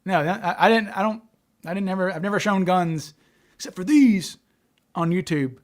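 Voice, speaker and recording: A man's voice: high voice, moderate pace. A man hosting a casual livestream, talking in a loose, chatty way, stuttering often and repeating and restarting his words. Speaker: livestream host.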